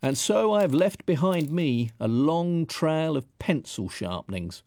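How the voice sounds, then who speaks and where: A man from England, a writer narrating a scripted radio piece in a measured, reflective and wry way. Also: fairly high pitch, expressive, a little mellow.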